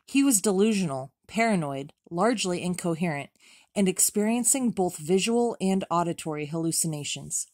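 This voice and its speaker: Low-voiced woman reading a memoir. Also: expressive, normal speed, a little mellow, no echo, clean studio sound. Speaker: audiobook reader.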